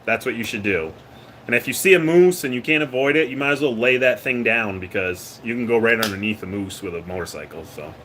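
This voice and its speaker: A man's voice: mid-range voice, expressive, a little fast, fairly bright tone, slight background noise. A man from Maine, hosting a casual livestream chat, joking and laughing often and letting his sentences trail off. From Maine, USA. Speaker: livestream host. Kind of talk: casual live chat with viewers.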